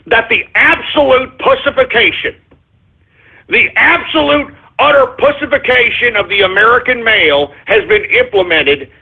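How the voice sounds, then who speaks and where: A man hosts his radio show in a fuming, profane rant that keeps circling back on itself. His voice sits high and comes out husky. The sound is thin and boxy, like a phone call. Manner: angry, profane, repetitive ranting. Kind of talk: ranting call-in radio monologue. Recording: muffled phone-line audio.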